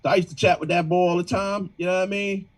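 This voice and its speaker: With a high voice and a quick pace, a man in a band tells crazy work stories over a video call, the audio poor. He talks slangy and animated, doing over-the-top impressions of everyone who comes up.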